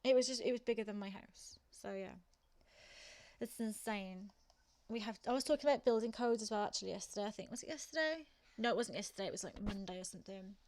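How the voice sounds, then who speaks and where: A woman's voice: medium pitch, fast talker, darkish tone, slight background noise. A young woman from England with a Black Country accent, chatting casually with viewers while streaming a game and laughing often. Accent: Black Country (West Midlands English). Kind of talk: casual chat while gaming.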